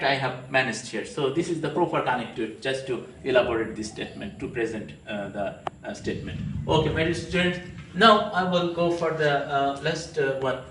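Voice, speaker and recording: A man teaching a grammar class, calling his listeners his dear students as he works through examples with frequent pauses. His voice sits a little high for a man. It comes across roomy and echoey, with a faint hiss behind it. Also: bright, forceful tone. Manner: hesitant, many pauses and repeated phrases; addresses listeners fondly as students. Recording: echoey room, mic at a distance.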